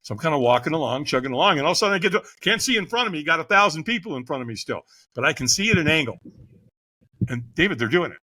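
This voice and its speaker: High bright-voiced guy telling a wild story on a podcast, voice jumps all over, laughs a lot. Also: rapid-fire. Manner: animated, vivid storyteller who acts out quotes and laughs often. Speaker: guest, fire captain.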